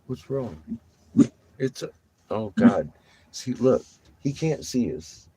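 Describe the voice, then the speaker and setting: A man's voice: mid-range voice, very animated, slow, mellow, husky, no room sound, low-quality recording. A man vlogging from inside a vehicle, chatting to viewers with frequent laughs and cooing baby talk at a puppy. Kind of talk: casual chat to viewers.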